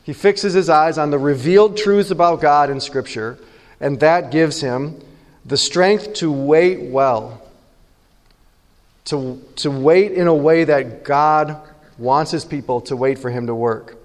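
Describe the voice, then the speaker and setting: Male pastor giving a sermon, chatty and animated, kinda high voice, echo hanging in a big hall. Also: slow pace. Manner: conversational, animated, joking with the congregation.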